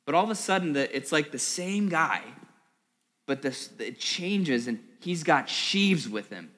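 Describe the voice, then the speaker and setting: A man's voice: fairly high pitch, lively intonation, a little slow, fairly bright tone. A male pastor giving a sermon, conversational and vivid, often repeating words as he tells a story. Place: church service in a school hall. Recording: long hall reverb.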